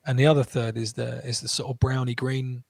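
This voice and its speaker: Animated man telling stories. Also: medium pitch, gravelly, dry recording. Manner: animated, quick restarts, acts out quotes. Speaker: guest entrepreneur. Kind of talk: casual interview storytelling.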